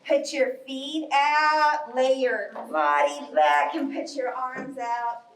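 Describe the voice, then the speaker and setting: A woman guides children through yoga poses in a bright, coaxing voice that sits high and moves at an unhurried pace. She is recorded from a distance in an echoey library room. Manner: cheerful, coaxing instructions. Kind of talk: live kids' yoga story class.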